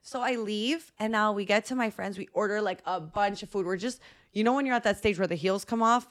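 A woman's voice: medium pitch, fairly quick. A woman with a thick voice, co-hosting a podcast and telling a story in casual chat, acting out quotes and laughing often. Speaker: podcast co-host.

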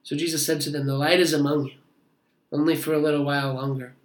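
A man's voice: a little high, level tone, fast talker. Man preaching in an echoey room. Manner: earnest, explains verses with asides to the congregation. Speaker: pastor. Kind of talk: sermon with scripture reading.

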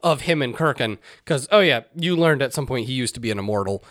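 A man's voice: medium pitch, fast talker. A young man co-hosting a podcast, recapping a game in casual, profane chat full of "like" and "uh". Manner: animated retelling, swears freely, hedges with "like" and "uh". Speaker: podcast co-host.

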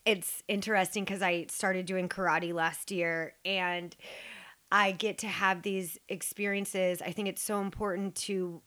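A woman's voice: lowish voice, level tone, unhurried, bright, forceful tone. A woman talking reflectively and earnestly about her own inner life. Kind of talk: reflective personal talk.

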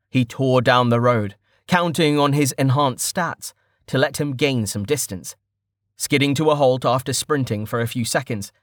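A man's voice: medium pitch, no echo. Man narrating an audiobook, dry sound. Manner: steady storytelling. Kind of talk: scripted narration.

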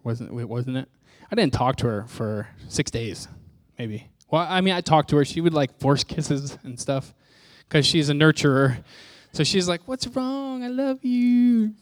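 A man's voice: mid-range voice, moderate pace, few pauses, no echo. A man preaching a personal testimony sermon, telling his story candidly and poking fun at himself as he acts out what people said. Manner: candid, self-mocking storytelling with acted-out quotes.

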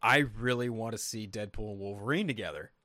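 A man's voice: lowish voice, brisk, no echo, clean studio sound. A man co-hosting a casual podcast, telling stories with lots of swearing and acted-out quotes. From Sacramento, California. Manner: animated, profane storytelling with lots of voiced quotes. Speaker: podcast co-host. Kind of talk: casual chat.

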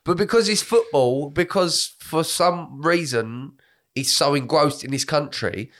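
Sweary bloke telling stories. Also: male voice, fairly high pitch, a little slow. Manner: sweary, animated storytelling. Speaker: podcast co-host. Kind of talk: casual chat.

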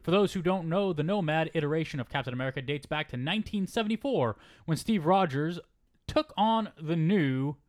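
A man's voice: a little high, brisk, no echo, clean studio sound. A man co-hosting a casual podcast, reading out news items and swearing freely as he talks. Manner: animated, swears often, reads out quotes. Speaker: podcast co-host.

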